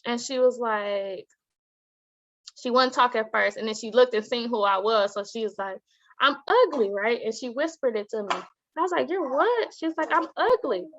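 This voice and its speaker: A woman, a teacher and author, talking as an interview guest, telling stories with lively acted-out quotes and frequent laughter. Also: on the high side, moderate pace, lo-fi sound. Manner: animated storytelling, acts out quoted voices, laughs often. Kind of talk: casual interview talk.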